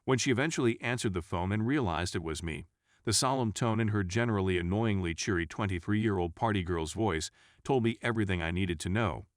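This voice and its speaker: A man narrates a first-person story in a scripted, even reading pace. His voice sits on the low side and sounds dry and close, with no room around it. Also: fairly quick, no echo.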